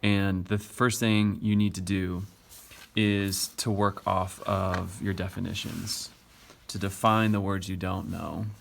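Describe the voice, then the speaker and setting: A man's voice: low-pitched, creaky. A male teacher explaining poetry step by step in a recorded lesson, tapping out the stressed beats as he reads.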